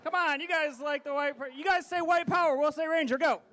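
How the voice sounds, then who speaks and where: A man's voice: very high voice, brisk, heavy background noise. A man from Arkansas performing a stand-up comedy act, delivering punchy setups with his twin brother.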